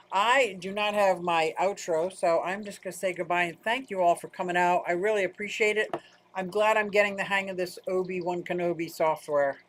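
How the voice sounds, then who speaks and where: A woman's voice: lowish voice, fairly even intonation, moderate pace, slight background noise. Woman host of a casual livestream, from upstate Pennsylvania; rambling, chatty, keeps cutting herself off. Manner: rambling, chatty, self-interrupting. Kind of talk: casual livestream chat reading comments.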